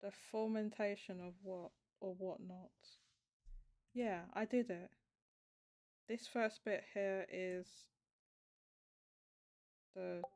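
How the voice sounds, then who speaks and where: A woman hosting a casual livestream chat, thinking aloud with halting restarts as she works something out. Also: mid-range voice, darkish tone. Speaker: show host.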